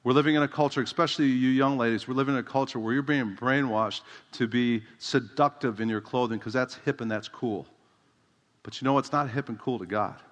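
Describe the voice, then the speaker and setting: A man's voice: mid-range voice, steady tone, a little fast, dull audio. A middle-aged man preaching a sermon as a pastor, conversational and direct, often asking the congregation rhetorical questions. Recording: long hall reverb.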